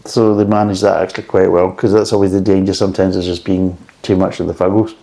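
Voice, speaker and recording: A man's voice: low-pitched, level tone, quick pace, vocal fry, dark tone. A middle-aged man chatting casually and frankly as he reviews a beer, rambling between thoughts.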